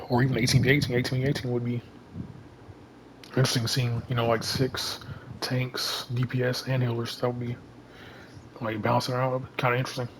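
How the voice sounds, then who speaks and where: Flat-voiced man rambling about a game. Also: mid-range voice, slight background noise, rough recording. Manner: rambling, heavy use of "you know" and "like". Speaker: gaming YouTuber. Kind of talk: casual vlog commentary.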